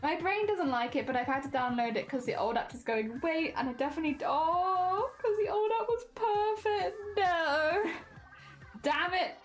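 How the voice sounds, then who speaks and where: A woman's voice: very high voice, animated, normal speed, soft background music. A woman with a standard British accent, chatting casually on a stream while she works on a craft, rambling with restarts. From Hampshire, England.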